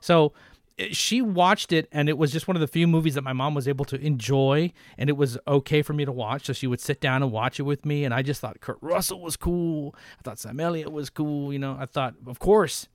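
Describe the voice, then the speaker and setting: A man in his thirties co-hosting a casual podcast, animated and jokey, trading movie quotes and impressions. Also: a little high, brisk, no room sound, studio quality. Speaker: podcast co-host.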